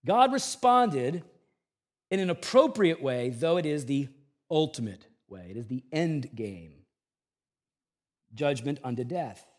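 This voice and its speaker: A man preaching an expository sermon, moving between quiet, low reflection and raised, urgent emphasis, and paraphrasing scripture in a conversational way. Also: lively intonation, measured pace. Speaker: pastor.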